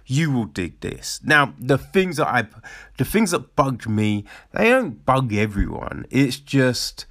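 A man's voice: medium pitch, fairly bright tone. A man reviewing a TV show in a casual rant, exasperated and profane, often repeating himself for emphasis.

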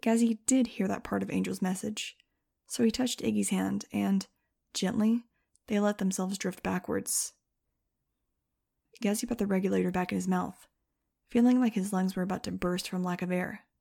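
A woman narrating an audiobook, reading lively scripted prose. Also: medium pitch, moderate pace, gravelly. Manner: lively, shifting into excited first-person telling.

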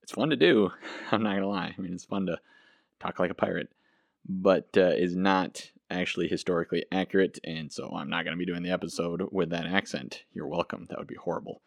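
Low-voiced, enthusiastic male podcast host. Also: fairly even intonation, a little fast, vocal fry, no room sound. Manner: chatty and enthusiastic, self-deprecating. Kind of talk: casual solo podcast.

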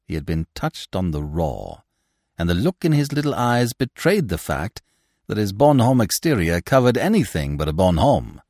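A man narrating a classic novel in an expressive, theatrical style. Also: deep voice, moderate pace, no echo, clean studio sound. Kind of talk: audiobook narration.

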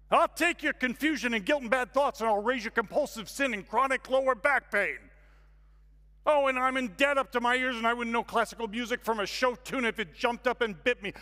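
Man putting on a loud, high, bragging heckler; bright and cutting, hall reverb. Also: exaggerated voice. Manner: shouting, boastful.

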